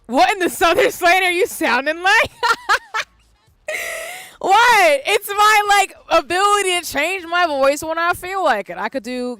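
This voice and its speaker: A young woman chatting casually and animatedly while streaming a game, quick to laugh. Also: very high voice, expressive, bright, forceful tone, no echo, faint music behind. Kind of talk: casual gaming stream chat.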